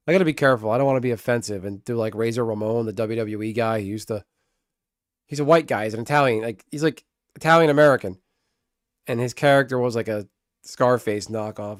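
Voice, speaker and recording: A man streaming a card game live, chatting casually with viewers, excitable and swearing freely. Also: mid-range voice, quick pace, no room sound, clean studio sound.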